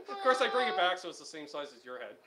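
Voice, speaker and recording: A man's voice: sits high, sing-song, fast, crowd noise. A man co-hosting a casual guitar chat, easygoing as he reads out viewer comments. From Canada. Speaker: co-host.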